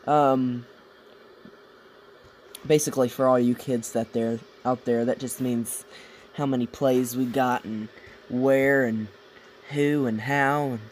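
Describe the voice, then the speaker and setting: A man's voice: medium pitch, steady tone, slow pace, long pauses, a little hiss or hum, low-quality recording. A young man co-hosting a casual podcast late at night in a basement, rambling, tired and goofy, laughing at his own jokes. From United States. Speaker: podcast co-host. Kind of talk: casual chat. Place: home basement.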